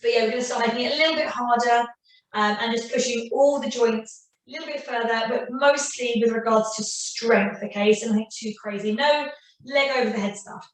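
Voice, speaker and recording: A woman's voice: a little high, fairly quick. Female fitness instructor, coaching and counting, heard from a distance in a reverberant studio. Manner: encouraging, counts reps and cues breathing. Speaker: Pilates instructor. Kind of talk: guided exercise class instruction. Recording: very echoey room, voice from off-mic.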